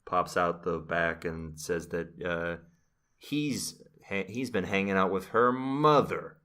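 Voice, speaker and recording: A man's voice: deep voice, steady tone, takes it slowly, sharp tone. A man casually recapping a TV episode on a podcast, rambling with fillers. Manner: rambling, with frequent fillers and laughs. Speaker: podcast host.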